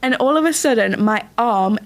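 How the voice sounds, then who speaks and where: A young woman co-hosting a podcast, telling a story in relaxed chat with some laughs. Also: a little high, normal speed. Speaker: podcast co-host. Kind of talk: casual chat.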